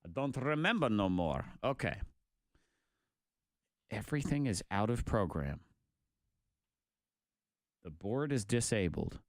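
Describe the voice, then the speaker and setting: A middle-aged man hosting a morning radio show, talking in an animated, emphatic way and running the board as he goes. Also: fairly low pitch, slow, long pauses, no echo, studio quality. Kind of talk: casual radio banter. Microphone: studio microphone.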